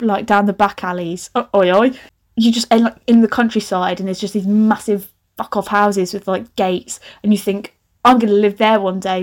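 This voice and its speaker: A woman's voice: medium pitch, darkish tone. A young woman hosting a podcast, chatting sarcastically and rambling with frequent laughing asides. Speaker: podcast host. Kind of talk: casual comedic reading commentary.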